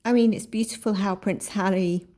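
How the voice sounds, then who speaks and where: A woman's voice: medium pitch, steady tone, normal speed, dark tone. A woman hosting her own channel, giving reflective commentary on a video and asking viewers to consider how it made them feel. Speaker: psychic channel host.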